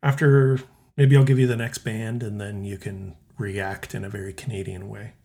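A man hosting a podcast in casual chat, easygoing and quick to chuckle. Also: lowish voice, flat delivery, vocal fry, dark tone. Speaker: podcast host.

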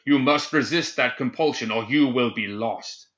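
A commanding older necromancer, as a man reading the story puts him on barks urgent orders in a low voice with a bright, forceful edge. The recording is a little dull and lo-fi. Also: normal speed. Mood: urgent, stern.

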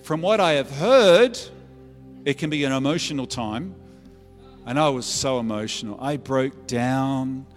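A man's voice: mid-range voice, unhurried. A middle-aged Australian man, a pastor giving an earnest sermon testimony in a conversational storytelling way, often restarting his phrases. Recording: echoey church hall with faint music.

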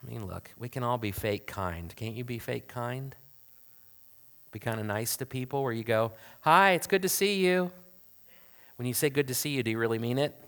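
A man preaching as a pastor keeps his sermon conversational, posing rhetorical questions and moving from loud stresses to hushed side remarks. He speaks at a medium pitch and a fairly quick pace.

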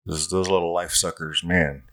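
A man's voice: low-pitched, fairly even intonation, moderate pace, a bit bright. A middle-aged man, a fire captain, telling his story in a blunt, profane, self-mocking way in a casual interview. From Southern California.

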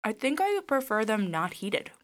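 A woman co-hosting a casual chat, telling stories in a chatty, animated way while she eats. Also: medium pitch, normal speed. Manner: chatty, animated storytelling with laughs.

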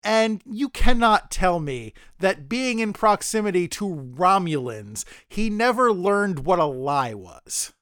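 A man's voice: sits high, big pitch swings, takes it slowly, few pauses, fairly bright tone, clear, resonant tone, no room sound, clean studio sound. A man co-hosting a casual podcast discussion, rambling and often stammering as he restarts his sentences. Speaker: podcast co-host.

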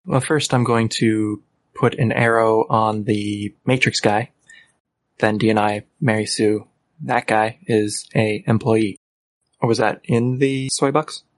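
A man's voice: on the low side, fairly even intonation, slow pace, dry recording. A man playing a tabletop game who asks the game master clarifying questions. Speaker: player.

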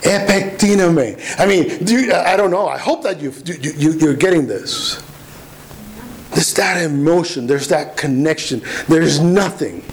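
A man's voice: fairly high pitch, measured pace, poor audio. A man preaching a sermon, earnest and emphatic, often restarting his words. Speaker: pastor.

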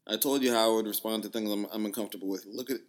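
A man's voice: fairly low pitch, steady tone, racing, lightly acted. A man voicing a blunt, distrustful woman with a put-on Jamaican accent, reading out her curt, scolding text messages. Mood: guarded.

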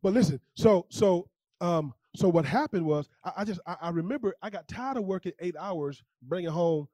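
A male pastor preaching a sermon in a lively, conversational way, repeating phrases and talking straight to the congregation. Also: high voice, moderate pace, no room sound. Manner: animated, conversational preaching with repetitions.

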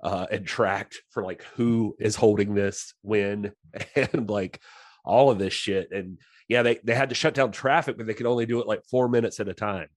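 Man, podcast co-host, laid-back teasing chat, lowish voice, dry sound. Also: normal speed, dry recording.

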